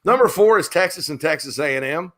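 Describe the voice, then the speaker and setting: A middle-aged man hosting a sports talk show, telling rambling, animated stories full of restarts in a casual chat. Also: on the high side, fairly quick.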